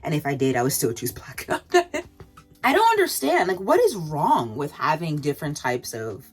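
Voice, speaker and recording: A woman ranting straight to camera as she does her makeup. Her voice sits fairly low and leaps up on rhetorical questions, with soft music playing faintly behind. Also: big pitch swings, normal speed, husky. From Canada. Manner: fired-up, rhetorical questions with big pitch jumps. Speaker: vlogger. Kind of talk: impassioned vlog rant while doing makeup.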